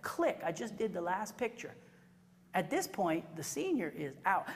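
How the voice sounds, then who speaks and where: A woman teaching a photography workshop to a live class, chatty and animated, acting out little quoted exchanges. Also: mid-range voice, moderate pace, slight background noise. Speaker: photography instructor. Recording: reverberant hall recording.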